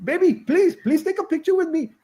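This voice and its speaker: A man's voice: brisk, warm tone. A man voicing an overexcited, starstruck male fan with a thick accent. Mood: gushing. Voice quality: shrill, gushing.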